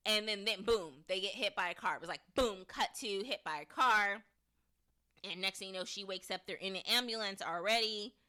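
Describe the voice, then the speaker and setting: A woman's voice: medium pitch, moderate pace. A woman hosting a podcast, chatting casually through an episode recap and thinking aloud with restarts. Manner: lively, acts out characters' lines in recaps. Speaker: podcast host.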